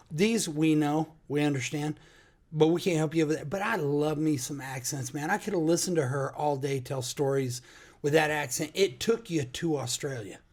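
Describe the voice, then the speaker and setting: A man's voice: fairly high pitch, a little mellow. A man with an American accent co-hosting a casual podcast, folksy and emphatic, drawing out his words. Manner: folksy, drawn-out emphatic delivery. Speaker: podcast co-host. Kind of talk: casual chat.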